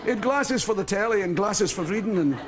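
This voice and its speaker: A man's voice: sits high, lively intonation, fairly quick, a loud crowd, heavy background noise. A Scottish man telling comic stories as a talk show guest, laughing through them. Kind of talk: comic storytelling. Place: television studio with audience.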